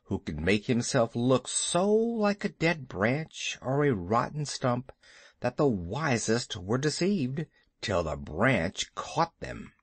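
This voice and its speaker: A man narrating a classic animal story in an expressive, measured way. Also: medium pitch, dry recording. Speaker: audiobook narrator. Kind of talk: scripted narration.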